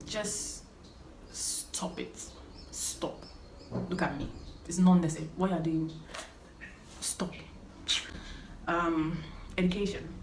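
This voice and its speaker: A woman's voice: on the low side, fairly even intonation, slow, pauses often. A young woman talking to camera as a vlogger, giving earnest, emphatic life advice and repeating her key points. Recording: roomy echo, faint background noise.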